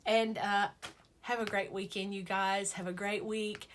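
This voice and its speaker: A woman's voice: mid-range voice, steady tone, normal speed, background noise. A woman chatting playfully to her viewers, full of self-mocking asides. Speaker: sewing vlogger. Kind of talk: casual chat to camera.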